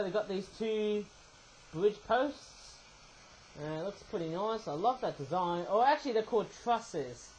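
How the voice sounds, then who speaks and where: A toy reviewer talking through a casual product review in a rambling, chatty way, full of tag questions and the odd burst of loud, excited chanting. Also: medium pitch, poor audio.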